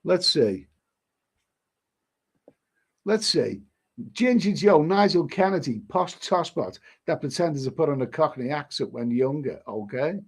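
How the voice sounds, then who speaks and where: A middle-aged man chats casually on a live stream, reacting to viewer comments. His voice sits a little high for a man. He rambles, repeats words and often restarts his sentences. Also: animated, measured pace, long pauses, slightly rough.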